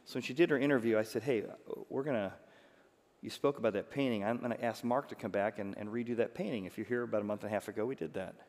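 A man preaching a sermon as pastor, animated and punching words with loud emphasis. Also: lowish voice, fast. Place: church auditorium. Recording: long hall reverb.

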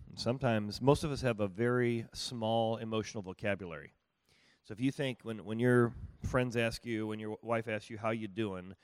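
Conversational pastor teaching, dry close sound. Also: male voice, on the low side, a little mellow, no room sound. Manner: conversational, folksy, asks the audience rhetorical questions. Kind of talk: teaching talk on marriage and listening.

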